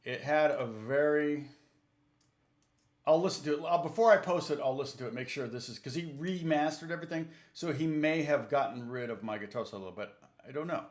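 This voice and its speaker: Man, fairly high voice, rambling guitar teacher, echoey room. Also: a little fast. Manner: rambling, animated, acts out both sides of a story. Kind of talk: casual storytelling on a livestream.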